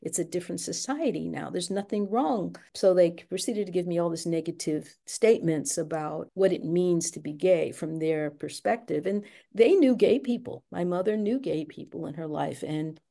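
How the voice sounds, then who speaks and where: A woman's voice: lowish voice, normal speed, vocal fry, hardly any pauses, mellow. An older woman candidly recounting her family's past in an interview, reflective and speaking in her own words. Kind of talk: personal storytelling interview.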